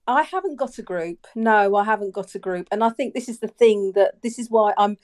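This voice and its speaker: A woman's voice: medium pitch, a little fast. A woman joining a podcast as a guest, chatting casually and hesitantly, often repeating her words. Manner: hesitant, repeats herself, plays it safe.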